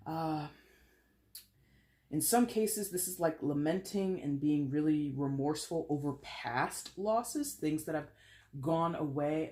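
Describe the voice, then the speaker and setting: A woman in her thirties giving a casual tarot reading to camera, chatty and animated, often laughing and playing with voices. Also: sits low. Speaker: tarot reader.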